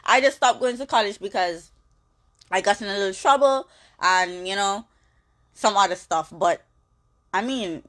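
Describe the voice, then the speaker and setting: A young woman in her twenties, a social media personality, talking candidly in a rambling way with halting restarts. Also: a little high, bright, forceful tone. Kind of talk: candid monologue.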